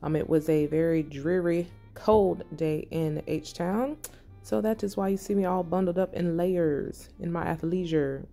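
A middle-aged woman narrating her fashion haul in a quiet, breathy, relaxed ASMR-style voice-over. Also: on the low side, unhurried, soft background music. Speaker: fashion vlogger.

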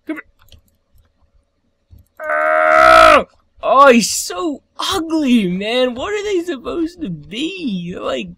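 An excitable young man narrating his own gameplay, his voice leaping wildly between high yelps and low mutters. He talks slowly with a bright, forceful tone, cursing at the game and laughing often. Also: gravelly, no echo. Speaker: gameplay commentator. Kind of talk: solo let's play commentary.

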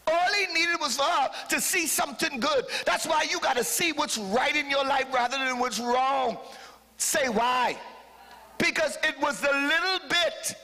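Male bishop, high bright tenor, fervent sermon delivery in a long-reverb church hall. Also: normal speed. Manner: fervent preaching, calls to the congregation, sudden shouted peaks. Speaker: bishop preaching. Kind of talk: live sermon.

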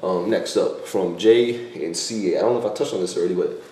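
A young man with a low, warm voice and a brisk pace hosts a casual vlog, answering viewer questions. He rambles, corrects himself, and laughs often, recorded in an echoey room with faint background noise.

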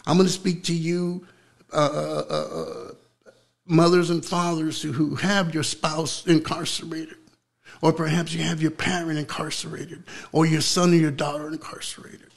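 Fervent gravelly-voiced man preaching. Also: fairly high pitch, flat delivery, normal speed. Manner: fervent, repeats words, drops to hushed prayer. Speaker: interview guest preaching. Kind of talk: impassioned preaching and prayer.

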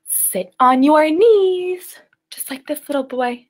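A woman's voice: sits high, lively intonation, slow, poor audio. A woman in her twenties leading a children's yoga class over a livestream, playful and sing-song, barking and meowing along with the animal poses. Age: 20s. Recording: faint music behind the voice.

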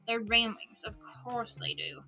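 Woman reading as a sarcastic young female dragon, dry, snappish, bright voice, storybook. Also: fairly high pitch, level tone, a little slow, faint music behind.

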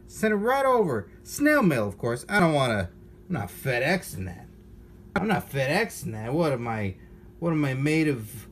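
A man's voice: a little high, slight background noise. A man hosting a toy unboxing, chatting casually with playful jokes and asides. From United States.

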